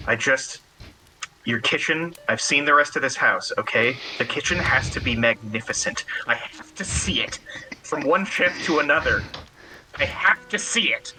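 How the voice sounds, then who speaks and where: A man playing a tabletop game in character, pushy and animated with rapid banter. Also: mid-range voice, noisy background.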